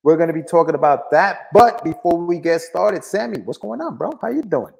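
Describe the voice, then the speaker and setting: A man hosting a live podcast over a video call, talking in a loose, relaxed way with casual slang. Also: on the high side, a little fast, gravelly, rough recording. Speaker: podcast host. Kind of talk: casual chat.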